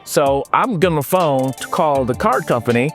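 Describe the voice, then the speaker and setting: A lively man from California, a motivational speaker, chats with students in a playful, sing-song way. His voice sits a little high for a man. Quiet music plays under him. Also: moderate pace. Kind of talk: casual storytelling to students.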